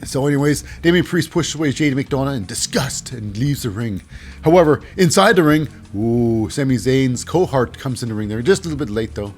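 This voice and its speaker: A man giving a casual wrestling recap, animated, with hesitant fillers and silly voices. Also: medium pitch, brisk, faint music behind.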